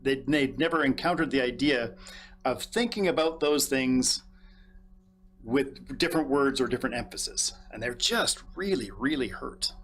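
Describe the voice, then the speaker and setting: A man's voice: medium pitch, moderate pace, fairly bright tone. A man co-hosting a talk show, telling rambling self-deprecating stories with restarts and laughs. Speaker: co-host. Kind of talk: casual talk-show chat.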